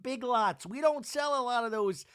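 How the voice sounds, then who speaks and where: A man's voice: very high-pitched, normal speed, a bit bright, smooth, voice pushed up. A man voicing a creepy, pushy grown man who leers over a young girl. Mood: leering. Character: leering grown man urging a teen to show off.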